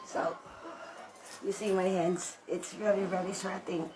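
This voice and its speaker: A woman vlogging in a casual, rambling chat to her viewers. She sounds sleepy, coughs now and then, keeps her voice deliberately low, and talks haltingly with frequent laughs and restarts. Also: level tone, very noisy.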